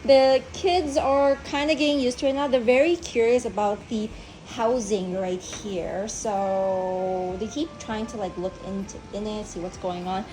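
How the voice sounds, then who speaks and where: A woman's voice: medium pitch, fairly even intonation, unhurried, darkish tone, a little hiss or hum. A young woman in a casual home vlog, chatting through an unboxing with lots of fillers and asides to her pets. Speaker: beauty vlogger. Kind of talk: casual product review vlog.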